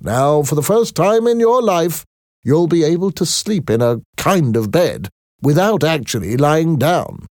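Thoughtful engineer, earnest explainer, lively; male narrator voicing him. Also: on the high side, a little slow, no echo, studio quality, pitched above the performer's own voice.

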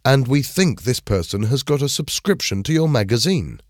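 A man's voice: medium pitch, sing-song, moderate pace, no echo, studio quality, pitched above the performer's own voice, close to an everyday voice. A man voicing a resourceful teenage schoolboy who speaks with earnest urgency.

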